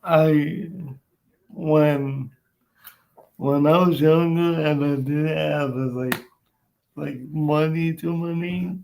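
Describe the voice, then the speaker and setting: Young guy just chatting, slow and halting, kinda gravelly. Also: fairly high pitch, fairly even intonation, a little mellow, low-quality recording. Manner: halting, restarts often. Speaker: podcast host. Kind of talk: casual chat.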